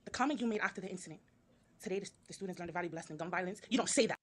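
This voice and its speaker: Rapid-fire New York woman. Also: fairly low pitch. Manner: confrontational, presses with repeated "okay?". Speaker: parent addressing a school board. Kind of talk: public comment at a meeting.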